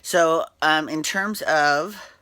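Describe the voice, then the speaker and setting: Gossipy man rambling in a bright voice. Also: drawn-out words, clean tone, dry recording. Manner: rambling, gossipy, blunt with frequent fillers and restarts; mimics people in high exaggerated voices. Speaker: recap host. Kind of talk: casual recap chat.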